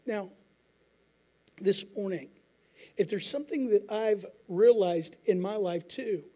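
A pastor preaching a sermon, earnest, moving between quiet passages and emphatic declarations. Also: male voice, high-pitched, slow.

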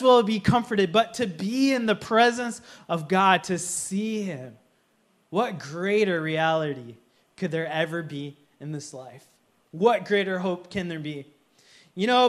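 A man with a strikingly high voice delivers a sermon to his congregation. He preaches with earnest emphasis and easily slips into a joking, playful aside. He sounds like a pastor speaking from the front of a church. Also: fairly bright tone.

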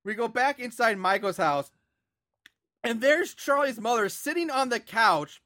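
A man's voice: very high voice, animated, unhurried, bright, forceful tone, no room sound, studio quality. A man co-hosting a podcast, recapping a movie plot with sarcastic asides. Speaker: podcast co-host.

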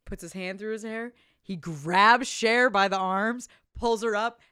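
A young woman chatting on a podcast, retelling a film scene with lively energy and slipping into the characters' lines. Her voice sits in a middle register. The sound is dry and close. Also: mid-range voice, unhurried, clear, resonant tone, dry recording. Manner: animated, acts out movie lines with laughter. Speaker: podcast co-host. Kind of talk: casual chat recapping a movie.

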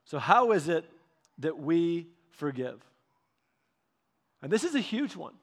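A man preaching a sermon, retelling scripture in a conversational, animated way, acting out quotes and dropping soft and slow when he reads verses. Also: a little high. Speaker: pastor.

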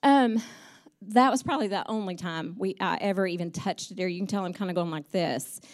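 A woman's voice: fairly low pitch, a little fast. A middle-aged woman, sharing personal family stories as a church speaker in a chatty, heartfelt way with many ums. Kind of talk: personal storytelling message.

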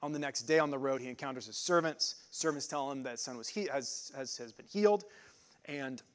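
A man preaching an informal sermon, explaining Bible words in a halting, conversational way with many fillers and restarts. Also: medium pitch. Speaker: pastor.

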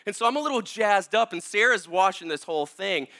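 A man with a high, bright voice delivers a sermon as a relaxed, lively story. He chats, laughs along and often says "like" and "you know". It sounds like a pastor talking easily to his congregation. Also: fairly quick. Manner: animated, laughing, casual storytelling with frequent fillers.

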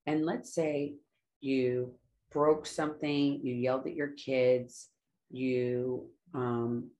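A woman in recovery speaks casually and earnestly about staying sober, rambling, often trailing off and correcting herself. Her voice is very deep with a darkish tone, and there's slight background noise.

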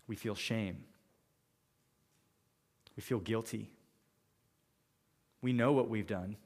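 A man's voice: fairly low pitch, takes it slowly, a little mellow, breathy edge, big-room sound. A man preaching a sermon, walking through scripture verse by verse and voicing the characters in his own paraphrases. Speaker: pastor.

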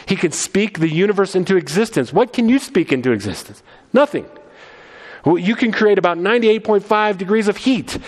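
A man's voice: sits high, lively intonation, a little fast, big-room sound. A man preaching a sermon, emphatic and conversational, often repeating words as he restarts his sentences. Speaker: pastor.

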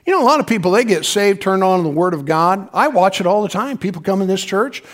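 A male pastor preaching in a relaxed, storytelling style with a fairly high voice. He keeps asking the congregation to answer back. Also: fast talker. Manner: conversational storytelling, calls on the congregation to respond. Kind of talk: sermon.

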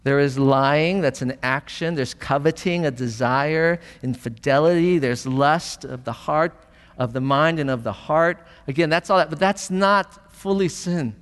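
A pastor preaching a sermon in a conversational way, asking rhetorical questions and building emphasis. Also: male voice, on the high side, unhurried. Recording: long hall reverb.

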